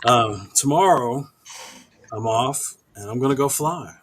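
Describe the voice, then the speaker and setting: A man guest on a live stream, rambling casually with many pauses and restarts. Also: mid-range voice, expressive, a crowd in the background. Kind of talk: casual chat.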